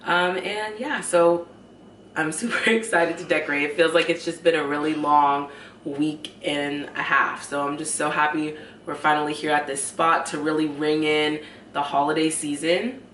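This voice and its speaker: A chatty, upbeat woman in her thirties talks casually to her viewers, her nose a bit stuffy from a cold. Her voice sits low, and it rings around an echoey room at home with a faint hum of ambience behind it. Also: steady tone, moderate pace, fairly bright tone. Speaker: vlogger, homemaking channel host. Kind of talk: casual chat to camera.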